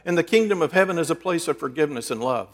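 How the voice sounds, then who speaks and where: A middle-aged man preaching and counseling, telling personal stories in an earnest, conversational way with sudden shifts between loud and soft. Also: on the high side, lively intonation, very fast. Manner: earnest, conversational, with dramatic swings in loudness. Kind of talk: storytelling sermon. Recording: long reverb in a large hall.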